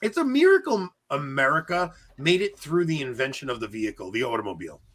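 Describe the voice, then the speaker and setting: Loud animated bright-voiced man. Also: mid-range voice, quick pace. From New York area. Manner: animated, loud, rambling storyteller. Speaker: podcast co-host. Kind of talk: casual chat.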